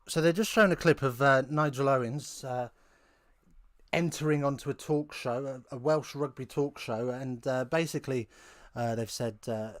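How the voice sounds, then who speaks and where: A man's voice: medium pitch, moderate pace, dry recording. A man hosting a live rugby watch-along from home, chatting casually with rambling, wry asides.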